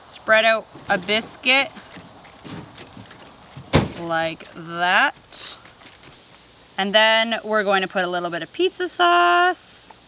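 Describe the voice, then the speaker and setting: A woman's voice: medium pitch, expressive, slow pace, long pauses, pushed and bright, slight background noise. A woman hosting a family vlog, chatting casually as she cooks treats over a campfire outdoors. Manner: chatty, explains steps while cooking. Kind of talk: casual cooking demonstration.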